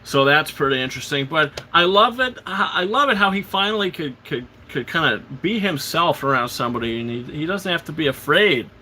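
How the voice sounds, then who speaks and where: A man's voice: fairly high pitch, expressive, fairly quick, hardly any pauses, pushed and bright, a little hiss or hum. A man hosting a casual live film commentary, retelling scenes with enthusiasm and stammered restarts. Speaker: host.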